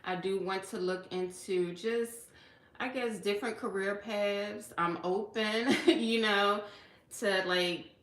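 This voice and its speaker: A woman from Washington DC speaks in a personal livestream about her work as a federal employee. Her voice sits at a middle pitch and she talks earnestly, with a little tearfulness, dropping in "okay" and "you know" often. The room gives her voice a noticeable echo. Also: fairly even intonation, takes it slowly, fairly bright tone. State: tearful at times. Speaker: federal worker and livestream vlogger. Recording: echoey room.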